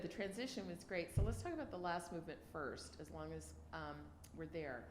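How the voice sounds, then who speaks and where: A woman's voice: mid-range voice, vocal fry. Woman, piano masterclass adjudicator, effusive, scats rhythms aloud, echoey room, faint hiss. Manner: effusive, sings rhythms aloud while explaining. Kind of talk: masterclass feedback.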